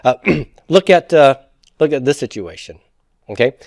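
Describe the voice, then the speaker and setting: Male instructor, mid-pitched voice, classroom lecture, dry close recording, explains by asking and answering his own questions. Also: expressive, moderate pace, vocal fry, no room sound. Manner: explanatory, asks rhetorical questions and answers them. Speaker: Hebrew instructor.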